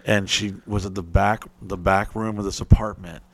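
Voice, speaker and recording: A young adult man telling a profane, animated story on a podcast, acting out his friends' voices. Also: on the low side, normal speed. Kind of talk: crude storytelling.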